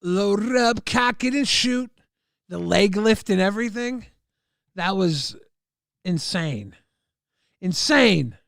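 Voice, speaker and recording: Gravelly-voiced excitable streamer man. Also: high voice, measured pace, dry recording, studio quality. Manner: excitable, profane, blurts reactions. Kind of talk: casual live-stream reaction chat.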